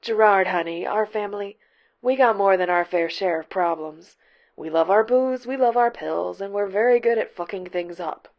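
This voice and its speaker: A woman reading aloud, voicing a husky, blunt, loving middle-aged mother who swears freely. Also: mid-range voice, moderate pace, dull audio, natural voice.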